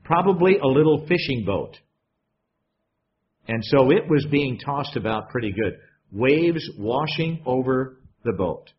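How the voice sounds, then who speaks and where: Lively, chatty male preacher on a muffled recording. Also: medium pitch, unhurried, slight background noise. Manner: conversational, asks the congregation questions. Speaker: pastor. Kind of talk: sermon. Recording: dull lo-fi sound.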